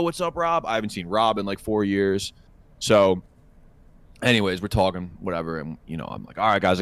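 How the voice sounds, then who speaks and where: On a laid-back podcast, a young co-host spins out a lengthy, profane story, animatedly voicing the quotes of the people involved. His voice sits low, and the recording is dry.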